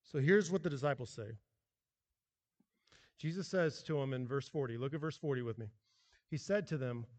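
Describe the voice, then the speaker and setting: A man preaching a sermon as pastor, animated and emphatic, with frequent restarts. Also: a little high, brisk, pauses often, long reverb tail.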